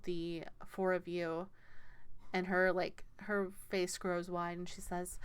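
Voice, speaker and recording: A woman's voice: fairly low pitch, little pitch movement, unhurried, clear, resonant tone. A woman running a tabletop game as game master, narrating with hesitant fillers. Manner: hesitant, many fillers, laughs often.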